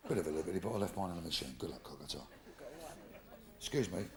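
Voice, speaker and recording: A man's voice: deep voice, lively intonation, fast. An older man doing stand-up comedy, blunt and full of swearing, acting out the voices in his jokes. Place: theatre stage before a live audience.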